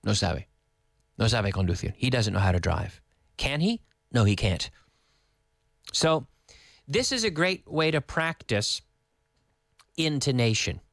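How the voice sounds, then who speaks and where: A man's voice: medium pitch, measured pace, creaky, long pauses, dry recording, clean studio sound. A middle-aged man teaching English to learners in Spain, telling stories and acting out dialogue to demonstrate intonation. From English-speaking country, living in Spain. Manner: lively storytelling, acts out dialogue, hums intonation patterns. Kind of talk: explaining English pronunciation.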